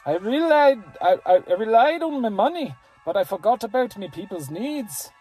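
A player voicing a pompous old lord from a fantasy game, with a deliberately bad mock burr and slow, drawn-out phrasing. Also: mid-range voice, a little mellow, husky, soft background music.

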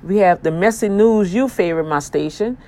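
A woman's voice: medium pitch, fairly quick, darkish tone. A woman hosting her online radio show, thanking listeners in an effusive, preachy manner full of praise-God exclamations. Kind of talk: casual talk with listener shout-outs.

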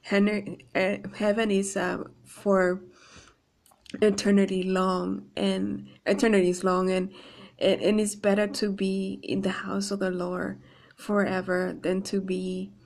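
Slow, flat-voiced woman giving a devotional. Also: mid-range voice. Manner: halting, many fillers and restarts, earnest. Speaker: Bible devotional speaker. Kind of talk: informal devotional talk reading and explaining a psalm.

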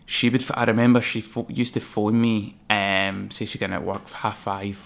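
A man's voice: fairly low pitch, moderate pace, gravelly. A Scottish man, a designer guest on a podcast, telling personal stories candidly and casually, swearing now and then. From Scotland. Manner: candid, swears freely, animated when reliving moments. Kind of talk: casual interview storytelling.

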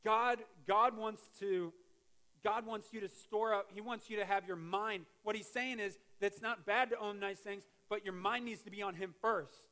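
A man's voice: sits high, a bit bright. A male pastor giving a conversational sermon, with joking asides and restarts. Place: church sanctuary.

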